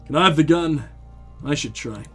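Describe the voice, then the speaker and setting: A man doing a low, quiet, reserved lieutenant. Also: husky, soft background music. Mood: measured. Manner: measured, quiet, dry.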